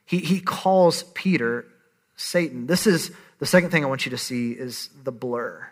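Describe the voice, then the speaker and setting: A man's voice: mid-range voice, measured pace. A man in his thirties preaching a sermon, conversational and emphatic. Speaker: pastor.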